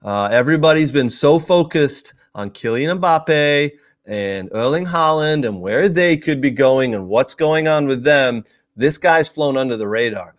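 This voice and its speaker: A man's voice: mid-range voice, lively intonation, a little slow. A man hosting a live soccer show, talking casually to viewers with lots of fillers and asides. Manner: chatty, addresses viewers directly, many fillers. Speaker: sports show host.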